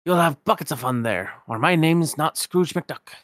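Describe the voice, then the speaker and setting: A man's voice: fairly high pitch, animated, moderate pace, a bit bright, no room sound, clean studio sound, voice pushed up. A man voicing a stingy old Scottish cartoon duck millionaire, with a folksy brogue full of "ye" and "laddie". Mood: wheedling, chummy.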